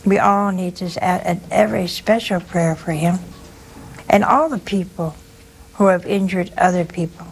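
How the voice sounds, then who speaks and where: A woman's voice: lowish voice, normal speed, a little hiss or hum. A woman hosting a religious call-in show, preaching in a folksy, anecdotal, conversational way and telling stories. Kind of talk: spiritual talk and storytelling.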